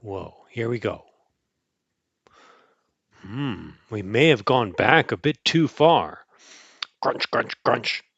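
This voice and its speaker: A man casually reading a picture book aloud to a child, playful and animated, adding sound effects and chuckles. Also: lowish voice, slow pace, creaky, long pauses, dry recording, dull audio. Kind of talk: casual storybook read-aloud.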